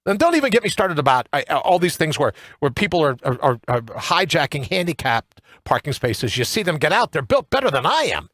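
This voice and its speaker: A man's voice: on the high side, sing-song, brisk, few pauses, fairly bright tone, no room sound, studio quality. A man hosting a talk show, delivering a sarcastic, ranting opinion monologue with mocking asides. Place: home studio.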